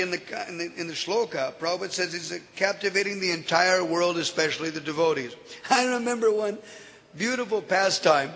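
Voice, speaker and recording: A man teaching from scripture and telling stories in an animated way, often laughing as he explains. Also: sits high. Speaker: spiritual teacher. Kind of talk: scripture lecture with storytelling. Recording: echoey hall.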